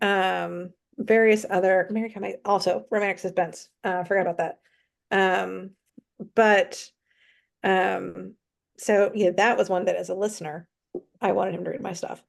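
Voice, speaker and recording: A woman's voice: medium pitch, vocal fry. A woman author chatting casually as a guest, with lots of fillers and easy laughter. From North Carolina. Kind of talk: casual chat.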